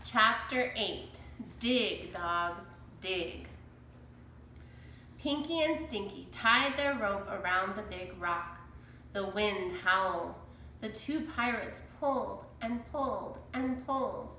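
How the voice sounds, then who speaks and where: A woman reading a children's chapter book aloud in a slow, deliberate storytelling manner. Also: medium pitch, expressive, sharp tone, reverberant, a little hiss or hum, rough recording. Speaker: storybook reader.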